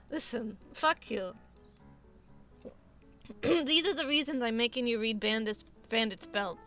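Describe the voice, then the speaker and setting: A woman's voice: on the high side, takes it slowly, long pauses, pushed and bright, faint music behind. A young adult woman hosting a stream, chatting casually, rambling with lots of restarts, swearing and laughing often. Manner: rambling, self-interrupting, swears and laughs a lot. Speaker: streamer host. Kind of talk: casual chat.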